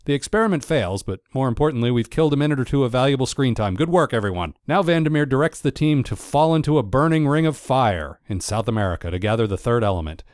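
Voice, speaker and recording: A man's voice: mid-range voice, expressive, quick pace, few pauses, darkish tone, no room sound, studio quality. A man narrating a comedic recap of a cartoon episode, with sarcastic, wry asides. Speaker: cartoon reviewer.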